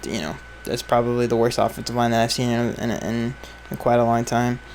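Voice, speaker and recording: A man's voice: medium pitch, level tone, brisk, gravelly, darkish tone, a little hiss or hum. A man hosting a podcast, chatting casually and giving blunt, offhand opinions, his sentences often trailing off, recorded outdoors. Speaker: podcast host answering fan questions. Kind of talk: casual chat. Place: outdoors with flies around.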